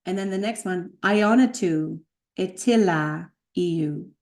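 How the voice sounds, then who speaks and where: A woman teaching a spiritual practice, slowly chanting and repeating sacred sound names, with light laughs at her own slips. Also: mid-range voice, darkish tone. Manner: chants tone names slowly, then explains briskly. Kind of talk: chanting lesson.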